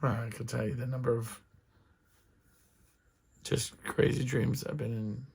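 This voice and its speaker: A middle-aged man talks through his own podcast in a loose, wandering way, stopping and restarting his thoughts. His voice is deeply gravelly and full of fry, with a husky edge, and sits at an ordinary pitch for a man. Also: little pitch movement, a little slow, a little mellow. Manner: rambling, restarts a lot, many fillers. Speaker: podcast host. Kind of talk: casual solo monologue.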